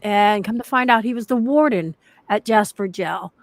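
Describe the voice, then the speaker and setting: A woman's voice: medium pitch, normal speed, no room sound. A woman paranormal investigator rambling through a story in casual chat, often restarting her sentences.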